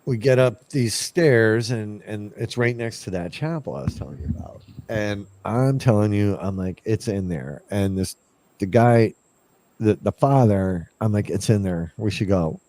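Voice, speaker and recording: A man's voice: on the low side, a little slow, no echo. A man casually telling a ghost story from his investigations, acting out what he and others said. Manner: animated, acts out his own past lines.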